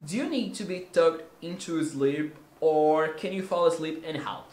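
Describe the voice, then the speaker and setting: A man's voice: on the high side, normal speed, a little mellow, reverberant. A man in his twenties from Brazil with a Brazilian Portuguese accent, Portuguese his first language, joking and teasing through a casual question-and-answer vlog. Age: 20s. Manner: playful, joking, theatrical. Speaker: vlogger.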